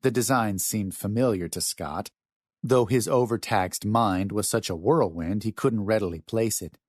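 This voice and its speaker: A man narrating a novel in an expressive storytelling manner, close to a studio mic. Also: fairly low pitch, moderate pace, dry recording. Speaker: audiobook narrator. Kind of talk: scripted narration.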